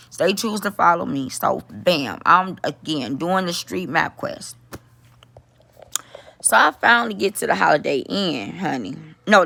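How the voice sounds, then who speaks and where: A middle-aged woman telling a story in a casual vlog, animated, talking to her viewers and swearing freely. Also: fairly low pitch, gravelly. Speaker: vlogger.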